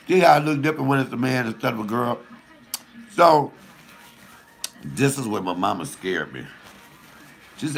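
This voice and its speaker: A man telling a raunchy personal story as a comedian, loud and profane, while cooking. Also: fairly low pitch, expressive, moderate pace, vocal fry, pauses often, faint music behind.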